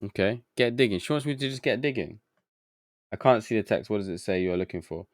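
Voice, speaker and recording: A man's voice: fairly low pitch, animated, quick pace, dry recording, clean studio sound. A man streaming a game live, muttering to himself as he gets confused and chatting with his viewers. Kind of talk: live gameplay commentary.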